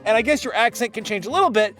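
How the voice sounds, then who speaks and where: A man's voice: sits high, expressive, racing, fairly bright tone, soft background music. A man chatting casually and rambling while playing a story game with friends. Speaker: let's play host. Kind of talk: casual chat over a game.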